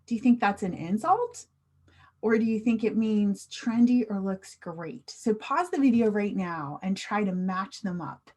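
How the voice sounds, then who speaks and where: An American woman teaches a slang lesson at an unhurried pace. Her pitch sits in the middle range. She explains carefully and keeps asking the viewer to guess and repeat. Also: animated, darkish tone. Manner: slow, clear teacher talk with questions to the viewer. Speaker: English teacher.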